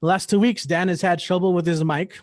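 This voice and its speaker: A man with a slightly high voice hosts an open mic livestream from his home, recorded close and dry on a computer mic. He delivers rhythmic, wordplay-packed spoken word poetry and then chats and teases playfully. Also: steady tone, a little fast, dry recording. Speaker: open mic host and poet.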